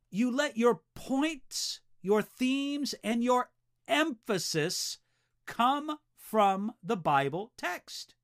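Guy with a high voice teaching preachers, earnest and direct, kinda stammers on sentence starts. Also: fairly bright tone. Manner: earnest, direct, repeats words when starting. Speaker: preaching instructor.

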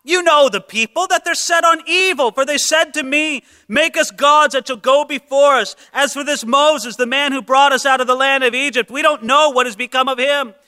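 A preacher doing an excuse-making priest. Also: male voice, extremely high pitch, moderate pace, few pauses, pushed and bright, big-room sound, voice pushed up. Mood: pleading. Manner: pleading, deflecting.

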